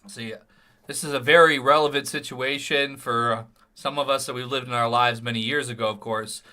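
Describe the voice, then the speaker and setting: A man's voice: mid-range voice, fairly even intonation, normal speed, bright, forceful tone. A male streamer giving rambling live-stream commentary full of crude jokes.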